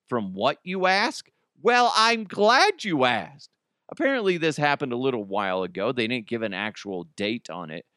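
Brief: lively male comic host, bright voice, dry close sound. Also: medium pitch, clear, resonant tone, dry recording. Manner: animated, joking, laughing often. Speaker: podcast host. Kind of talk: comedic solo podcast monologue.

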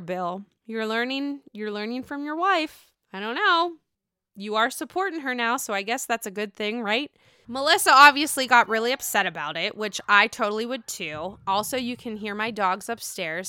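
A woman recapping a reality TV episode in casual, profane, excitable chat from home. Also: fairly high pitch, moderate pace, clean tone, no room sound, clean studio sound. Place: home, dogs upstairs.

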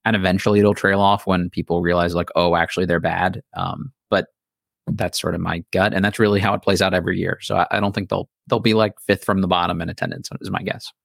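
A man's voice: low-pitched, level tone, fast, creaky, dry recording, clean studio sound. A man hosting a casual sports podcast chat, blunt and opinionated. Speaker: podcast host.

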